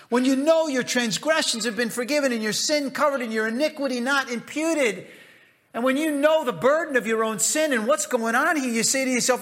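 A middle-aged American man preaches with a high, bright, ringing voice. He repeats his phrases for emphasis and swings from loud exclamations down to hushed asides. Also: animated, normal speed. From United States. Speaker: pastor. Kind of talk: sermon.

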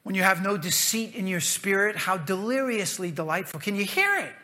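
A middle-aged American man preaches with a high, bright, ringing voice. He repeats his phrases for emphasis and swings from loud exclamations down to hushed asides. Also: animated, fairly quick. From United States. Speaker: pastor. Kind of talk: sermon.

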